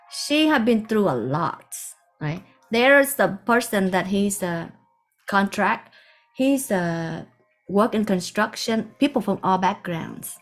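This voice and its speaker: Soft-spoken woman telling a spiritual story. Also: medium pitch. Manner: soft-spoken, meandering, with hushed asides. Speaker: spiritual teacher.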